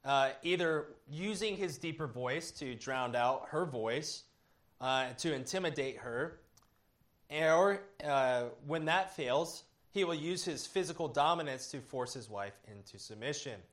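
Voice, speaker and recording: A man preaching as a pastor, earnest and measured, with occasional fillers as he explains. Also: a little high, expressive, fairly bright tone. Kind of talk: sermon teaching.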